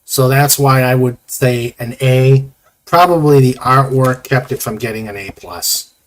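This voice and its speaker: A man hosts a casual livestream, talking slowly and hesitantly in a middle-pitched voice. He rambles with frequent fillers between thoughts and reads viewer comments aloud. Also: steady tone. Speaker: host.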